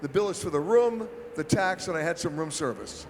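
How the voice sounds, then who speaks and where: High-voiced man telling wry stories. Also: lively intonation, a little fast. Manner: wry, anecdotal, punchy delivery. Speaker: travel expert panelist. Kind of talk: storytelling panel talk. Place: large expo hall. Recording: echoey expo hall with faint noise.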